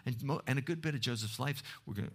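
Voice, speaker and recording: A man's voice: medium pitch, fast talker, breathy edge. A man preaching a sermon, telling stories with restarts and short laughs.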